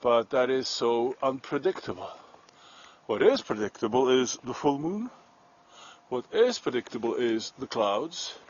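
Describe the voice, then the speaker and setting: A man with a mid-range, sing-song voice speaks unhurriedly, and the audio sounds dull. He's hosting a casual livestream outdoors at night on a country road, chatting, joking, and talking to his dog as he walks.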